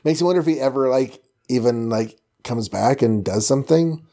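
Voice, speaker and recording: On a podcast, a man with a warm, mid-range voice casually retells a comic book plot. He keeps things breezy and jokey, briefly slipping into goofy voices for the characters.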